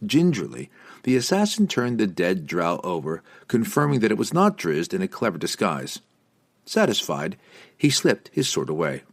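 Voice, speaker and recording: Man, audiobook narrator, very deep voice, lively intonation, dramatic fantasy reading. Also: normal speed, vocal fry.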